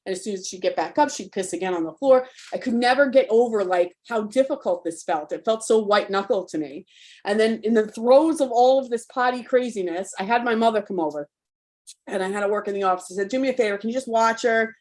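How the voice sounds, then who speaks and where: A woman's voice: medium pitch, brisk, a little mellow. A woman coach giving a live online talk to parents, frank and spirited, cursing freely in a conversational, rallying way.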